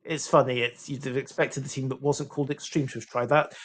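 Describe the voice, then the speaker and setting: A man's voice: mid-range voice, a little fast, slight background noise. Dry man casting a naval game. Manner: dry joking, explains tactics calmly. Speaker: esports caster. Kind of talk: live game commentary.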